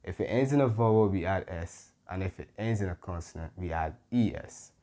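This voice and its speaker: A man teaching a Spanish grammar lesson, patient and careful, often pausing with "mm-hmm" and correcting himself. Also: sits low, mellow. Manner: patient, stops to self-correct, frequent "mm-hmm" fillers. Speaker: Spanish tutor.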